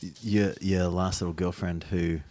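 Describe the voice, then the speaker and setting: A man's voice: sits low, normal speed. A man co-hosting a podcast in casual chat, full of ums and restarts. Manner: hesitant, many ums and restarts, animated. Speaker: podcast co-host.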